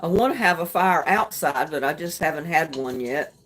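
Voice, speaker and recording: A middle-aged woman hosting a casual late-night livestream chat, greeting viewers and talking about her day in a homey way with soft laughs. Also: low voice, expressive, normal speed, a little hiss or hum. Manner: chatty, homey, laughs softly between remarks. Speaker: livestream host. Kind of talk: casual live chat reading comments.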